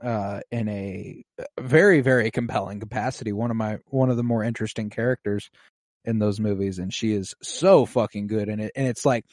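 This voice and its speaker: A man co-hosting a casual podcast, recapping a TV episode in a profane, animated way and breaking into quick impressions of the characters. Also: on the low side, no echo, clean studio sound. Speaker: podcast co-host. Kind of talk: casual rewatch podcast chat.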